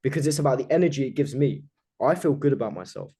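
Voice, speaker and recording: A man's voice: medium pitch, expressive, fast talker, mellow, slightly rough. A man coaching a group on a video call, talking emphatically and with total self-assurance, swearing casually.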